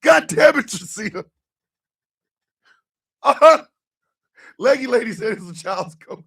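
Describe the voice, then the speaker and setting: A raspy, bright-toned man hosting a radio show from a bit back off the mic. His pitch swings wildly as he jokes, shouts and rants in mock outrage. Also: lively intonation, measured pace, recorded from a distance. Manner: rowdy, profane, shouting bursts and mock outrage. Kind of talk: loud comedic live-stream banter.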